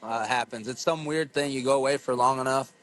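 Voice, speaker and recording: A man from the United States, a guest on a casual podcast interview, telling wild stories with plenty of swearing. His voice sits at an everyday middle pitch, and he acts out quotes as he goes. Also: fairly quick, low-quality recording. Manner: profane, excitable storytelling with acted-out quotes. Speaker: podcast guest, pro wrestler.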